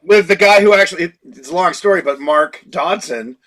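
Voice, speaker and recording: Speaking fairly quickly in a voice that sits high, a sixties-aged creature designer shares lively anecdotes in a relaxed interview, now and then breaking into impressions of the people involved.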